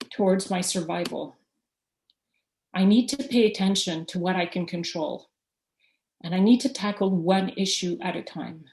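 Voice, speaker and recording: A woman's voice: fairly low pitch, a little mellow. A woman reading aloud from her own memoir in an earnest, reflective way. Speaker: guest speaker. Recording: roomy echo.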